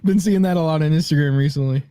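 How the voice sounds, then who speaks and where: A man's voice: fairly high pitch, fast talker, mellow, clean tone, dry recording, studio quality. A young man co-hosting a podcast in casual chat, rambling with fillers and laughing often. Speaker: podcast co-host.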